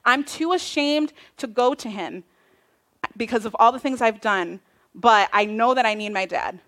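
A woman's voice: a little high, normal speed. A woman voicing an ashamed young man who feels unworthy and humble. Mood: resolved. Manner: humble, quiet, resolved. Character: ashamed young prodigal son.

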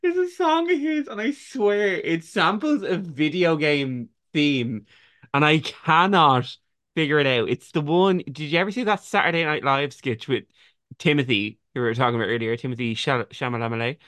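A man's voice: a little high, animated, normal speed, fairly bright tone, no room sound. A young man co-hosting a podcast in casual chat, giggly and rambling, often restarting mid-thought. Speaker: podcast co-host.

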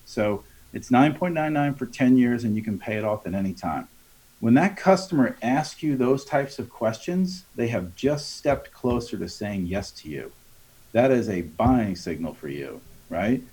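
A man's voice: medium pitch, expressive, unhurried, darkish tone, slightly rough. A man training contractors on sales in an interview, speaking in a coaching tone, acting out customer dialogues and often adding "right?". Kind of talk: conversational podcast interview.

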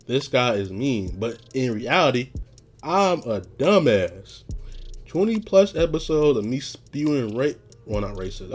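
A man hosting a podcast, telling stories in a casual, rambling monologue, often laughing and getting loud and animated when retelling something that angered him. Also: mid-range voice. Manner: rambling, laughs often, frequent "you know what I'm saying".

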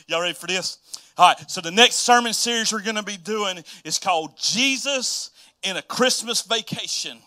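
A man's voice: high-pitched, animated, normal speed, pushed and bright. A middle-aged male pastor preaching a casual, chatty sermon and repeating phrases for emphasis.

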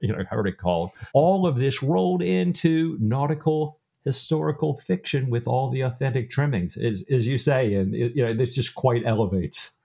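Guy chatting about a book on a podcast, thoughtful, mid pitch. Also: moderate pace, creaky, few pauses, warm tone. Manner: conversational, reflective, some hesitations. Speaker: podcast co-host. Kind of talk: book discussion.

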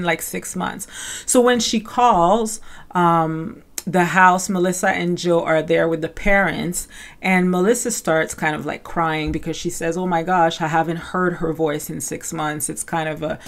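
A woman hosting a casual recap podcast, talking fast and loose with lots of fillers and acted-out quotes. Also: on the low side, fairly even intonation. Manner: chatty, many "like" fillers, acts out quotes. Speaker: podcast host.

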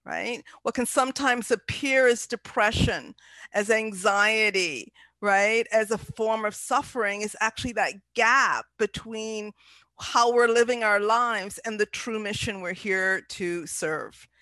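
Earnest woman with a bright voice. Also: mid-range voice, a little slow, no echo. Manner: earnest, heartfelt, with fillers and restarts. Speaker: podcast guest speaker. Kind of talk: inspirational podcast talk.

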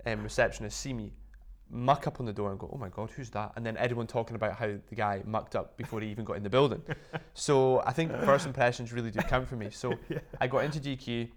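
A man, a guest in an interview, telling his story in a chatty, animated way with lots of fillers and restarts. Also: medium pitch, fast talker, few pauses. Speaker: interview guest, business founder. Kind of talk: casual storytelling.

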